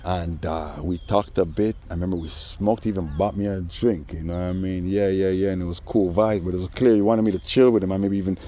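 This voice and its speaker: A man telling a story in a casual monologue, animated and acting out the voices of others. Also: low voice, fairly quick, hardly any pauses. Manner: animated, acts out voices in quoted dialogue. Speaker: vlogger.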